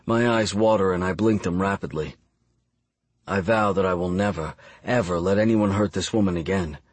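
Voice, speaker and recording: Husky-voiced male audiobook narrator. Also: sits low, moderate pace. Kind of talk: first-person audiobook narration.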